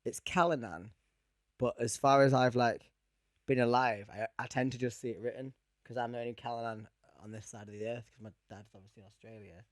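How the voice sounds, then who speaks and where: A man's voice: mid-range voice, steady tone, fairly quick, no room sound, clean studio sound. A man co-hosting a podcast, talking in a rambling, jokey, self-mocking way. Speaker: podcast co-host. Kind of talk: casual podcast banter.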